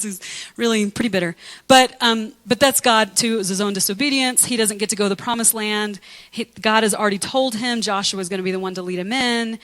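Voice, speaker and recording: A woman pastor preaching a lively, conversational sermon, acting out biblical figures with humor. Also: mid-range voice, fairly quick, poor audio.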